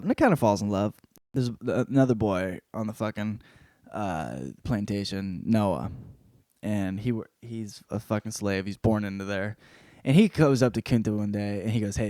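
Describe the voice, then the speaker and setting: Profane, animated young man recapping a book. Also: on the low side, no room sound, clean studio sound. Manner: swears constantly, animated retelling with quick voice switches. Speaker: podcast host reviewing a book.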